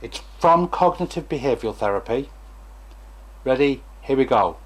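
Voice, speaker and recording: A man's voice: mid-range voice, lively intonation, normal speed. A former stammering therapist, a man, gives a chatty, digressive talk to camera and acts out examples as he goes.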